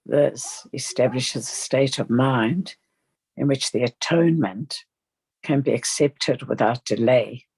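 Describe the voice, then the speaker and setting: A study group member reads a spiritual text aloud very slowly and haltingly. The voice is gravelly and husky, and the recording is dry and close. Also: medium pitch, a little mellow, no echo. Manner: slow, halting reading with small slips.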